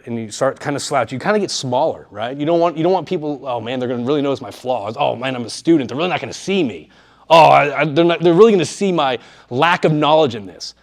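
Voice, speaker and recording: A man giving a live presentation to students in a room, speaking conversationally and often checking in with his audience. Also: fairly high pitch. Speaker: workshop speaker.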